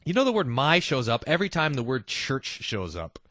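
Animated man hosting a faith talk show. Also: mid-range voice, brisk, no echo, clean studio sound. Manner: animated, mimics voices in asides. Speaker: host. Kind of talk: casual religious talk show.

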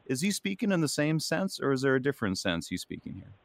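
A man leading a casual Bible study discussion, chatty and quick to joke. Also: mid-range voice, big pitch swings, vocal fry, dry recording. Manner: chatty, laughs, puts on shouted movie quotes.

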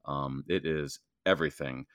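A man's voice: a bass voice, steady tone, normal speed, fairly bright tone, clear, resonant tone, no room sound, clean studio sound. A man who is a church district president, talking earnestly about faith with fillers and restarts, and reading passages aloud. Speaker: district president co-hosting a Lutheran study podcast. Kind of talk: casual theological discussion and reading aloud.

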